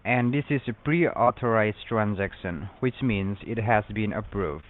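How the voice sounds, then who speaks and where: A man's voice: fairly low pitch, a little slow, slight background noise. Formal phone agent guy, stock phrases, thin phone-line sound. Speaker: phone scammer. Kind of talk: scripted support call.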